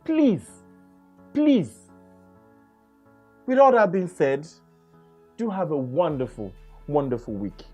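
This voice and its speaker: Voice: mid-range voice, sing-song, moderate pace, darkish tone, breathy edge, faint music behind. A Nigerian radio host with a Nigerian accent, delivering an emphatic opinion monologue and repeating phrases for stress.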